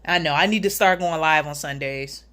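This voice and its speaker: A woman's voice: low voice, normal speed, fairly bright tone. A woman hosting a casual livestream, reading chat comments aloud, greeting viewers by name, and joking sarcastically with frequent laughs. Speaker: livestream host.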